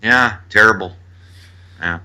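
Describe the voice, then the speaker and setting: A man co-hosting a film podcast in casual chat. He is animated, laughs often and is quick to agree. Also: on the low side, clear, resonant tone. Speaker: podcast co-host.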